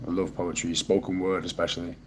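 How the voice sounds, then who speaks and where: This is a man from Manchester with a low, deep voice, talking loosely to his livestream viewers. He reacts to comments in a laid-back, dry and sarcastic way and swears casually as he goes. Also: little pitch movement, a little fast, slight background noise. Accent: Mancunian. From Manchester, England. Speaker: livestreamer reading chat. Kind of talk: casual live-stream chat.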